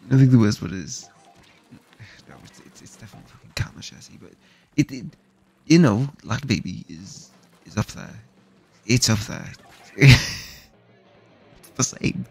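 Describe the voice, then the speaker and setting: With a husky, mid-range voice and some vocal fry, this young British man swears through a casual rant while gaming. He's a streamer who keeps restarting what he says.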